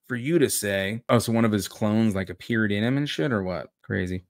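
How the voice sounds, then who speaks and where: A man chatting casually about a comic between read-aloud panels. His voice is low and the sound is dry and close, with loose talk full of fillers and the odd swear word. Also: normal speed, hardly any pauses, no room sound. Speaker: comic book reviewer. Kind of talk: casual comic reading and commentary.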